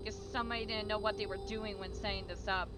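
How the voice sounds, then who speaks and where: A woman streamer playing a game, reacting out loud and swearing a lot. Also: medium pitch, steady tone, fast talker, over loud music. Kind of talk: let's-play commentary.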